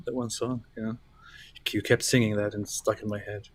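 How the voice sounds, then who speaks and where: Playful excitable male co-host. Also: on the low side, a little fast. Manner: playful, excitable, repeats himself. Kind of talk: casual livestream chat.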